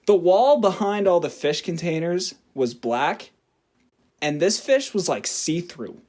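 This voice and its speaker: Animated young man, somewhat high. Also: measured pace. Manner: animated, laughs through his story, swears freely. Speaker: podcast co-host. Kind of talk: casual storytelling.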